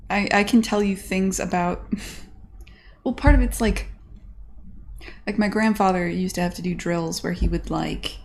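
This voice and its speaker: Gravelly-voiced woman chatting casually. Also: lowish voice, steady tone, a little slow, long pauses, slight background noise. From United States. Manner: rambling, chatty, lots of "like" and restarts. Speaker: game dev streamer. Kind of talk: casual chat.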